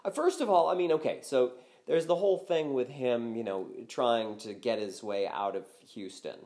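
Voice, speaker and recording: An older man chatting casually about sports as a podcast guest, speaking animatedly and breaking into loud, high-pitched exclamations. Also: normal speed.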